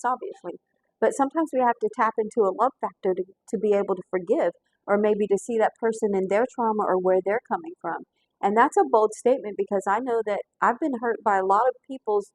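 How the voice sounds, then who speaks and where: A woman's voice: mid-range voice, no echo, poor audio. Earnest woman telling stories. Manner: earnest, folksy, with frequent restarts and fillers. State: holding back tears. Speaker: pastor and cooking show host. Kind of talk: heartfelt storytelling while cooking.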